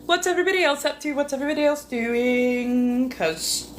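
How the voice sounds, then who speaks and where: A woman's voice: sits high, moderate pace. A woman chatting casually with viewers on a live stream, teasing and flirty, full of innuendo and muttered asides. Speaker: livestream host. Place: home. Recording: steady room noise behind voice.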